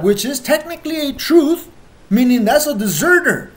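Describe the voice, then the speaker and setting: A channel host talking straight to viewers in an emotional, heated monologue, full of profanity, with sudden loud outbursts and slow, stressed lines. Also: sits high, very animated.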